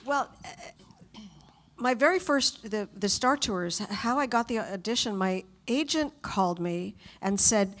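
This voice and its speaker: A woman voice actor on a convention panel, telling stories in an animated, chatty way and acting out quotes. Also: fairly high pitch, a little slow.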